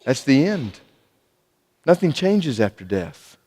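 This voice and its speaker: A man delivers a sermon in a church sanctuary, speaking earnestly with frequent restarts and repeated words. His voice sits at a middle pitch, and a long reverb trails each phrase through the hall. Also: big pitch swings, slow, darkish tone, husky. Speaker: preacher.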